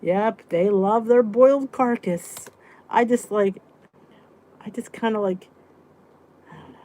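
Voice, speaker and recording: A woman's voice: on the high side, slow pace, mellow. Chatty woman hosting a live stream. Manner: chatty, answers viewers' comments, trails off and restarts. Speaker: weight-loss vlog host reading live chat. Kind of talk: casual live-stream chat.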